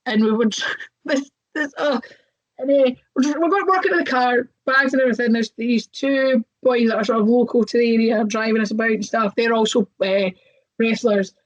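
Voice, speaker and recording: Chatty higher-pitched young woman storyteller. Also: moderate pace, muffled recording. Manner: chatty, lots of fillers, acts out voices. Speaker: wrestler, interview guest. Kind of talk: casual interview storytelling.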